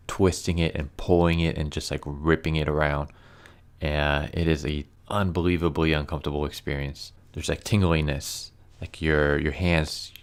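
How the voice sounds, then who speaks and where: A man talking casually and earnestly to camera, halting often with fillers and restarts. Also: rumbling low, clear, resonant tone. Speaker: YouTuber reviewing comics. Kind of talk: casual personal commentary.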